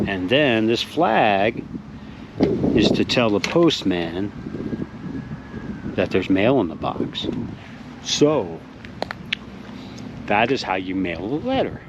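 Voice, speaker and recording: A man hosting a mock-serious tutorial outdoors, explaining things deadpan as if to kids. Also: on the low side, lo-fi sound, very noisy. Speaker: host. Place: outdoors in a front yard by a mailbox.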